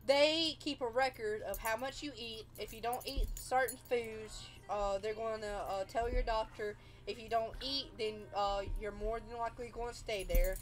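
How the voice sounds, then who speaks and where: A young woman hosting a livestream, telling a personal story in a rambling, casual way and acting out the dialogue. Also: a little high. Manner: rambling, acts out quoted dialogue. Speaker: livestream host.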